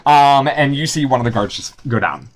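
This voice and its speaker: A man narrating as game master, halting and restarting often, with sudden shouted character lines. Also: medium pitch, lively intonation, a little hiss or hum.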